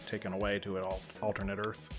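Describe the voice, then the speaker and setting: A man with a low voice joins a podcast over a remote call and delivers wry jokes in a dry, easy way. Faint music runs beneath him. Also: monotone, quick pace. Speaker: podcast co-host. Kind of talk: casual podcast chat. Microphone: remote call recording.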